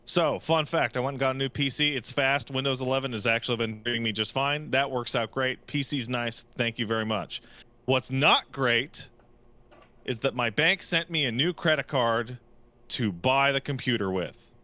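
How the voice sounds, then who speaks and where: A man's voice: mid-range voice, moderate pace, pushed and bright. A man on a podcast telling a comedic story, exasperated, acting out the people he dealt with. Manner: exasperated, acts out other people's lines. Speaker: podcast co-host. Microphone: studio podcast mic.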